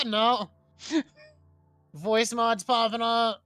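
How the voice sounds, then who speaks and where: A man's voice: extremely high pitch, fairly even intonation, slow, sharp tone, smooth, dry recording, faint music behind. A man co-hosting a live stream, chatting casually and joking about his computer. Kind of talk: casual chat.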